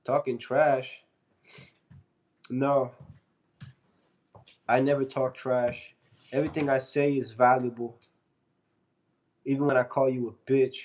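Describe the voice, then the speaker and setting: A man's voice: mid-range voice, level tone, slow pace, pauses often, darkish tone, muffled recording. A man on a casual live stream, reading out viewer comments and answering them loosely and playfully into his phone. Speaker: fitness streamer.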